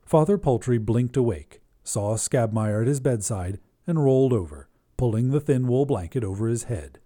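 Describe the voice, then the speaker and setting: A man hosting a flash fiction podcast, reading the story in even, measured narration. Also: mid-range voice.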